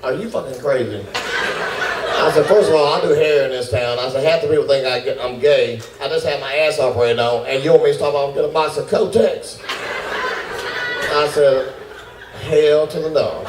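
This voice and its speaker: A man doing stand-up comedy, telling a fast, animated story and acting out his own panic. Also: mid-range voice. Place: comedy club with laughing audience. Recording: roomy, distant club recording with noise.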